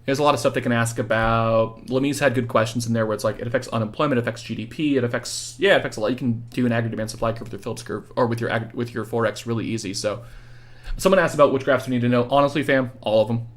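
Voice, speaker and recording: A man's voice: mid-range voice, fairly even intonation. Casual male teacher on a livestream. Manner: casual, quick, answers chat questions by name; tired after hours of talking. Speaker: economics teacher. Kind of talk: livestreamed exam review.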